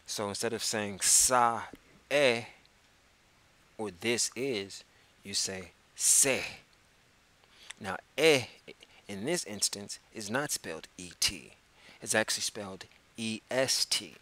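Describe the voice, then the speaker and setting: A man teaching a casual beginner French lesson, spelling words out letter by letter and repeating phrases slowly. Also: lowish voice, sharp tone. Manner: slow, spells words out letter by letter, drawn-out repetitions. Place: public access TV studio.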